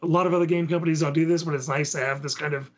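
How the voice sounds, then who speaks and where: An easygoing podcast co-host with a higher, steady-toned voice talks rapid-fire during casual tabletop gaming chat, walking through the steps as he goes.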